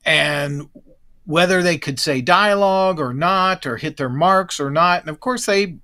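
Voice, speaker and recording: A man's voice: fairly high pitch, measured pace, pushed and bright. A man chatting as a guest on a podcast. He rambles a little, restarting his sentences and letting them trail off. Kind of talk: casual chat.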